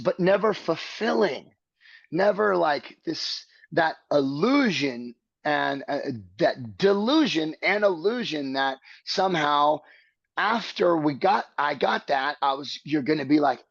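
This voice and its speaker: A man with a gravelly, creaky voice talks in an earnest, searching way, stacking his thoughts one step at a time. The recording sounds a little dull and lo-fi, dry, with no room echo. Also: on the high side, lively intonation, takes it slowly. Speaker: podcast guest. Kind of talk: reflective conversation.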